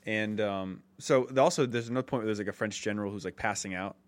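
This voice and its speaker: A man's voice: on the low side, fast talker, no room sound. A man chatting casually on a podcast, enthusiastic and loose, full of fillers. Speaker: podcast co-host.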